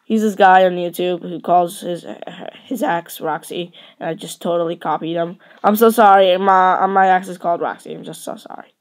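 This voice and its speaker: A woman with a lowish, fairly even voice talks at a normal speed with hardly any pauses. She's a let's play host chatting casually and rambling playfully while she plays a building game.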